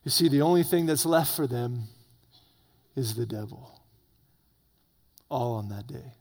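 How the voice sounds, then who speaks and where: A man preaching an evening sermon, swinging between loud urgent peaks and low hushed warnings. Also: unhurried. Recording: long reverb of a hall.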